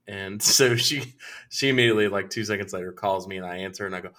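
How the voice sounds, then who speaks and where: A young adult man tells a long, profane story to friends. His voice sits low yet rings bright and forceful. He acts out each person in the conversation with animated quoted lines. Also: quick pace. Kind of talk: casual storytelling with quoted dialogue.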